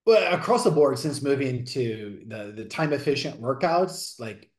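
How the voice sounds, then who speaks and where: A man's voice: mid-range voice, measured pace, echoey room. A man around forty, a fitness coach telling client stories earnestly in a podcast interview. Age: 40s. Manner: energetic, earnest storytelling.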